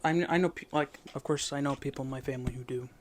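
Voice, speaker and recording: A man's voice: mid-range voice, steady tone, very fast, noisy background. A young man from the Midwest, co-hosting a casual podcast chat, agreeing often and trailing off mid-sentence. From American Midwest. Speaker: podcast co-host.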